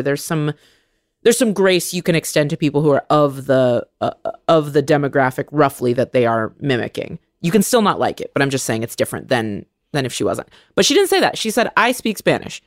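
A woman co-hosting a casual podcast, an improviser who talks in a candid, analytical, measured way on a studio mic. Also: low-pitched, dry recording.

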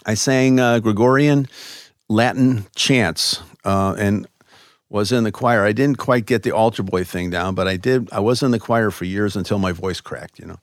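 A man from Chicago, a guest in an interview, telling stories in a loose, animated way with many fillers. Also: fairly low pitch, moderate pace, no room sound, studio quality. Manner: animated, lots of "you know" fillers. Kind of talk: conversational interview storytelling.

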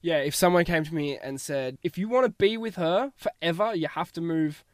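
A man's voice: a little high, normal speed, no echo. Laid-back Australian man, dry close sound. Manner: easygoing, rambling, drops to a mumble. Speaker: guest. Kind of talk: casual chat.

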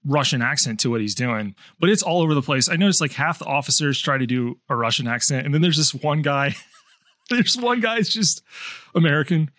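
A man co-hosting a film podcast, talking fast with many restarts and fillers. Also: on the high side, expressive, a bit bright, dry recording. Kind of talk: casual film discussion.

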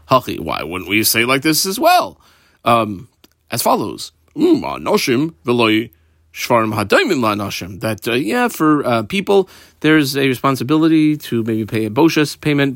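A man leads a Talmud class, reading Aramaic phrases and explaining them in casual English while he marks up his page. His pitch moves a lot as he teaches. The recording is dry and close. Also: fairly bright tone, no room sound.

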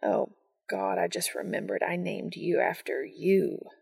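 A woman voicing a shy, tender young man in love, speaking softly and low in a hushed voice. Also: a little slow, vocal fry, slightly rough, heavily acted.

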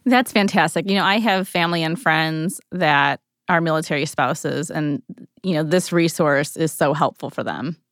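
Low, smooth woman interviewer. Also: normal speed, a bit bright, no room sound, clean studio sound. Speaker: podcast host. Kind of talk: interview questions.

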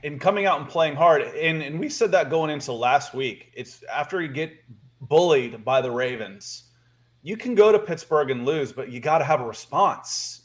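A man's voice: a little high, animated, normal speed. A man from Georgia co-hosting a sports podcast, talking casually in a rambling way, repeating words and chuckling. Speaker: podcast co-host.

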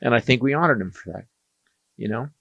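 A man's voice: medium pitch, animated, a little fast, creaky, fairly bright tone, husky, no room sound, muffled recording. A man co-hosting a podcast, telling stories bluntly and laughing easily. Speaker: podcast co-host. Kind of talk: casual podcast chat.

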